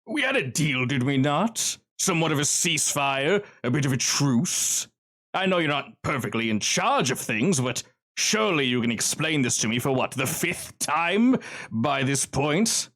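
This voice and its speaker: Guy doing a polite but cruel mob boss, silky and slow, lots of pitch swoops. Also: sing-song, fairly bright tone, exaggerated voice. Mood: menacing, mock-polite. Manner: silky, mock-courteous, slow and threatening. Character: menacing cigar-smoking male crime boss, polite and cruel.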